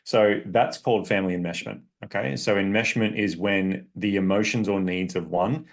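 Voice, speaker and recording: A man with a fairly low voice talks through relationship advice in a podcast interview. He speaks earnestly and instructively, as a coach would, and keeps checking in with the listener. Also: steady tone, moderate pace. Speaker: parenting coach.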